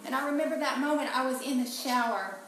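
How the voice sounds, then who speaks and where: A woman sharing an emotional personal testimony in a halting, soft-spoken way, often repeating her words. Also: high-pitched, heavy reverb, a little hiss or hum, rough recording.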